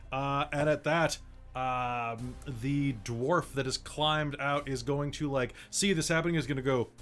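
A man running a tabletop game, narrating the action casually and rambling with fillers. His voice is bright and forward, at an ordinary pitch for a man. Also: fairly even intonation, measured pace, soft background music. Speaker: game master.

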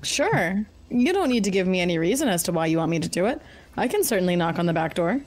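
A woman playing a tabletop game in a dry, deadpan, mock-polite manner. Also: on the low side, fast talker. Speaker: player. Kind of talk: casual tabletop play.

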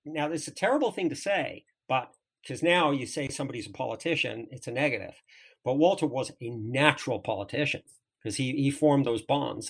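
This former trade magazine editor, a southern English man from England, is being interviewed on a podcast and spins stories in a gravelly, mid-range voice. He rambles, often restarting sentences and leaning on fillers.

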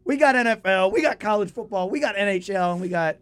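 A young man hosting a college sports radio show, hoarse from losing his voice, excitable and jokey in casual chat. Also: sits high, fast. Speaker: sports talk radio host.

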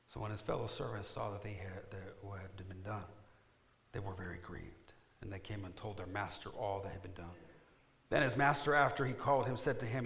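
A male pastor preaching a sermon, reading scripture and shifting between quiet asides and loud emphatic bursts, calling on the congregation to answer back. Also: on the low side, brisk, reverberant. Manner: reads scripture aloud and calls on the congregation to respond.

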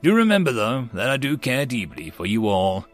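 A man voicing an alien noble who speaks in a formal, quietly menacing way. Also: medium pitch, sing-song, moderate pace, soft background music, lightly acted.

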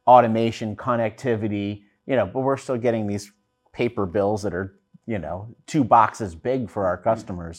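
A man talking casually on a business panel, joking and often restarting his sentences. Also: lowish voice. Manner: joking, lively, repeats himself. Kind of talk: panel discussion.

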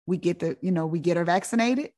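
A woman telling a personal story in a casual, animated way, often laughing. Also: lowish voice, fast. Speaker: guest storyteller.

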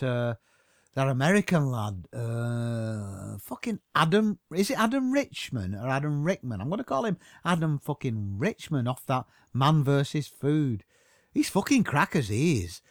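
A man's voice: mid-range voice, big pitch swings, normal speed, dry recording, clean studio sound. A man, delivering a mocking comic rant full of swearing. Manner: swearing constantly, mocking, rambling.

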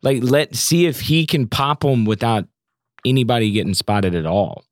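A man's voice: mid-range voice, animated, normal speed, no room sound, clean studio sound. A man playing a tabletop game who keeps asking the game master questions in casual chat. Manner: inquisitive, asks many questions. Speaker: player.

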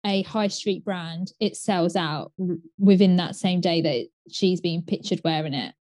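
A woman co-hosting a casual chat, relaxed and newsy with frequent fillers. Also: lowish voice, unhurried, dry recording. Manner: relaxed, newsy, many "um" and "obviously". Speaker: co-host.

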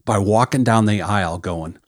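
A man's voice: lowish voice, moderate pace, dry recording, studio quality. A man hosting a ministry podcast, reading Bible passages aloud and then explaining them in a conversational teaching manner.

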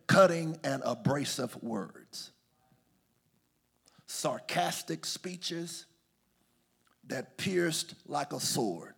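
A man preaching a sermon, calling out to the congregation and swinging from hushed asides to loud, drawn-out declarations. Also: medium pitch, creaky, breathy edge. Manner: call-and-response preaching, swings from hushed to shouting.

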